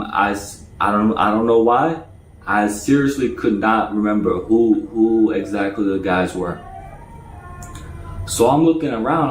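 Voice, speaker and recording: A man's voice: on the low side, roomy sound, a little hiss or hum, rough recording. Stammering man telling a story. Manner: stuttering, repeats words often. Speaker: storyteller recounting jail time. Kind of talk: casual spoken storytelling.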